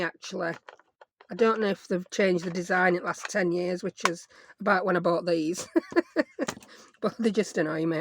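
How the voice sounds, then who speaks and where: Rambling woman, craft vlogger, self-mocking home chatter. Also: fairly low pitch. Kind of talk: casual chat while crafting.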